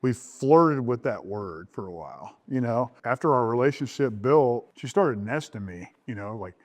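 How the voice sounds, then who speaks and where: Man, middle-aged, groom, candid storytelling, pitch jumps when quoting, interview. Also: animated, normal speed. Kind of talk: recorded interview about his relationship.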